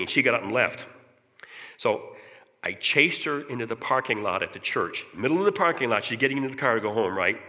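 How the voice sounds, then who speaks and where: A man giving an emotional personal recovery testimony, earnest and halting, repeating words when moved. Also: mid-range voice, sharp tone, big-room sound.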